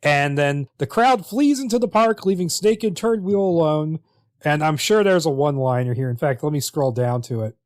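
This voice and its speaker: A man's voice: fairly high pitch, animated, moderate pace, no echo, studio quality. A man co-hosting a podcast, casually recapping a screenplay in a wry, chatty way with bursts of laughter. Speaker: podcast co-host. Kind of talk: casual chat summarizing a screenplay.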